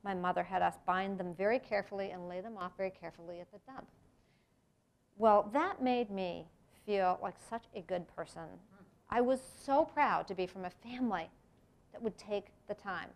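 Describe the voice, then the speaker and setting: A woman's voice: medium pitch, normal speed. A middle-aged American woman giving a reflective public talk, with earnest delivery and sudden emphatic rises. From United States. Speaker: speaker giving a presentation on race. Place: lecture room.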